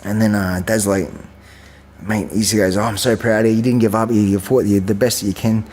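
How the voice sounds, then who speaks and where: A man in his forties tells long stories in a relaxed interview. He rambles through fillers and restarts and acts out what others said. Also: fairly low pitch, brisk, in a large hall. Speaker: guest, champion kickboxer. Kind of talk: casual storytelling interview.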